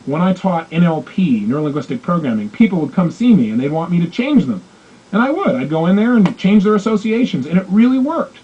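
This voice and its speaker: A man coaching in a self-help audio program, telling animated stories and acting out the dialogue. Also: high voice, fairly quick, slightly rough, highs cut off. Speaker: motivational coach.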